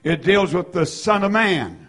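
A man preaching a sermon, reading scripture aloud and repeating key phrases with slow, drawn-out emphasis. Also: high voice, animated, a bit bright. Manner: reads scripture in old-fashioned wording. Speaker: pastor.

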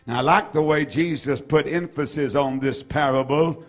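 A man preaching a sermon, reading scripture aloud and repeating key phrases with slow, drawn-out emphasis. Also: on the high side, soft background music. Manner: reads scripture in old-fashioned wording. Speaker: pastor.

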